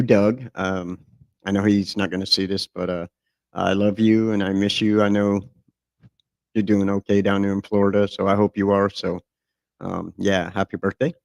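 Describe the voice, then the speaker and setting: Middle-aged guy hosting a podcast, low gravelly voice, swears and jokes a lot, dry close sound. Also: flat delivery, moderate pace, a little mellow, dry recording. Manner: profane, joking, loose fillers. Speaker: podcast host. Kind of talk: casual, crude chat.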